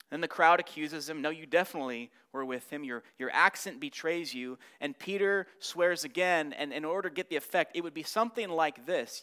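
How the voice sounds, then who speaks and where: A man's voice: fairly high pitch, a little fast, hardly any pauses, bright, forceful tone, clean tone. A man teaching a Bible study lesson, acting out the quotes with rising and falling intensity.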